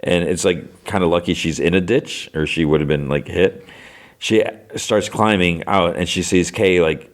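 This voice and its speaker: A man's voice: deep voice, normal speed. A male podcast host giving a casual, rambling recap of an episode, filling his talk with "like" and "you know.". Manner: rambling retelling full of "like" and "you know" fillers.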